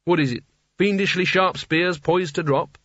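A man's voice: high voice, moderate pace, a bit bright, no echo, pitched above the performer's own voice. A man voicing a nervous, cowardly male wizard with a plaintive tone in an audiobook. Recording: dull dry audiobook recording.

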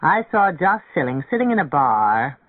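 A man voicing a boisterous, tipsy older composer who banters loudly, in an audiobook reading with a dry, phone-like narrow sound. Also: on the high side, sing-song, normal speed, dry recording. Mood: bantering. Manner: bantering, loud.

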